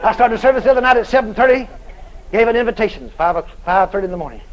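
Man, sermon storytelling, very high voice, swinging intonation, dramatic shouts. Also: rapid-fire, lo-fi sound, a faint crowd, slight background noise. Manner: animated, dramatic, bursts into shouting. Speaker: preacher.

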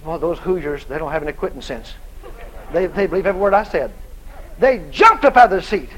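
A man preaching a sermon in a folksy, dramatic storytelling style, shouting out the lines he quotes. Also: high voice, expressive, brisk, a little hiss or hum, poor audio. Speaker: evangelist preacher.

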